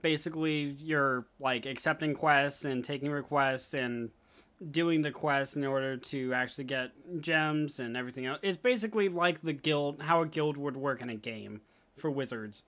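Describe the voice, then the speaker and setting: A man's voice: medium pitch, moderate pace, a bit bright. A young man co-hosting a casual podcast chat, easygoing and jokey, laughing often. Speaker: podcast co-host.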